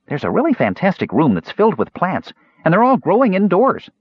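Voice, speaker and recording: A man voicing a small, excitable male kender with a high, shrill, chattering voice in a dull, dry audiobook recording. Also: normal speed, dry recording. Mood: eager. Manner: eager, chattering, innocent.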